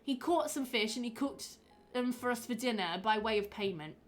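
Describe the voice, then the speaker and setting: A woman's voice: a little high, animated, moderate pace, close to an everyday voice. A woman voicing a defensive male village suspect in a broad, playful put-on regional accent.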